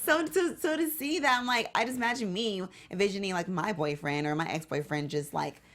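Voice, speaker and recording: A woman's voice: mid-range voice, a little fast, fairly bright tone. A woman co-hosting a casual TV recap chat, earnest and a little hesitant. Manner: earnest, speculative, a bit hesitant. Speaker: co-host.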